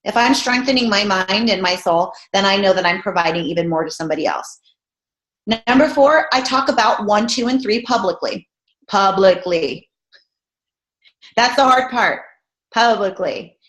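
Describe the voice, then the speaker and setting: A woman's voice: mid-range voice, a bit bright. A woman fitness coach giving a casual, jokey motivational talk in a chatty, bubbly manner. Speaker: fitness coach guest speaker. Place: room, online hangout. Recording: roomy echo.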